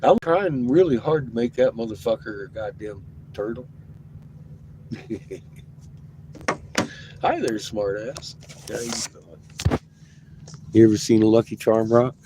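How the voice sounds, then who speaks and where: A man rambling excitedly in a casual vlog, swearing often and laughing as he talks. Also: medium pitch, measured pace, pauses often. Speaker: vlogger. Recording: noisy, with vehicle ambience.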